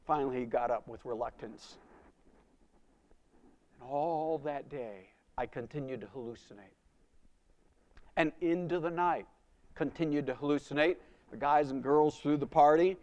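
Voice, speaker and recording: A man's voice: on the high side, moderate pace, pauses often. Dramatic male preacher telling a testimony. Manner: dramatic storytelling with wide swings in loudness. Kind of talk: sermon testimony.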